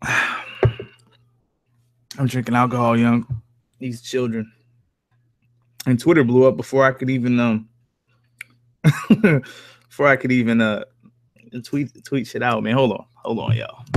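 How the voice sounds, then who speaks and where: A man's voice: mid-range voice, fairly even intonation, measured pace, creaky, pauses often, dry recording. A man live-streaming from home with an accent that mixes New Jersey and Southern country, chatting casually with viewers in a loose, profane way with frequent chuckles. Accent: mix of New Jersey and American Southern country. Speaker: horror story narrator live-streaming. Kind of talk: casual live-stream chat, reading and answering viewer comments.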